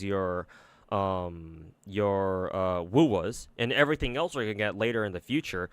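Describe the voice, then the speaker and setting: A man's voice: medium pitch, a bit bright, dry recording. A man streaming and giving casual commentary on games, rambling and swearing a lot, with many fillers and restarts. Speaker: gacha game streamer.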